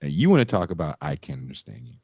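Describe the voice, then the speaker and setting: A man co-hosting a podcast in casual chat, telling stories with animated delivery and mocking voices. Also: extremely low pitch, fast talker, gravelly, breathy edge, no echo. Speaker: podcast co-host.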